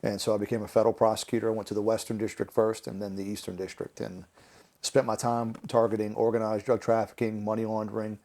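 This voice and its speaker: Man telling lively stories. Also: lowish voice, fast talker. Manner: animated, laughing through anecdotes, acting out quotes. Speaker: podcast guest, prosecutor. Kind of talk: conversational storytelling.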